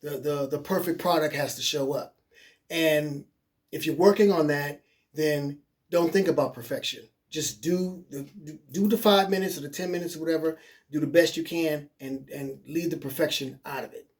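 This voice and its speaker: A life coach runs a webinar in a casual, encouraging, plain-spoken way, repeating his points and often checking in with "okay?". His voice sits fairly high and moves at a moderate pace.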